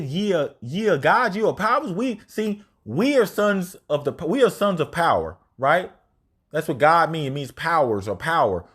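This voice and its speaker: A man teaching scripture informally, reading verses aloud and then paraphrasing them in casual, slangy, emphatic speech. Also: fairly high pitch. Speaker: religious teacher.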